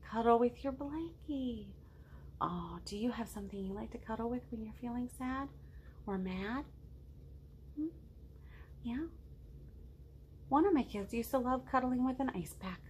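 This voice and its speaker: A middle-aged woman leading a children's storytime, reading a picture book aloud in a gentle, encouraging way and asking the children questions. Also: fairly high pitch, slight background noise.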